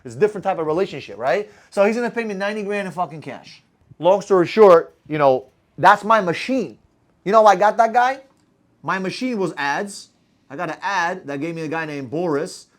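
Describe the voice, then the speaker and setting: A man with a high voice gives a motivational sales talk to a room of listeners. He talks fast, swears freely and keeps throwing rhetorical questions at the crowd. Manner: blunt and profane, firing rhetorical questions at the audience. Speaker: sales coach. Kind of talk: motivational talk to a live group.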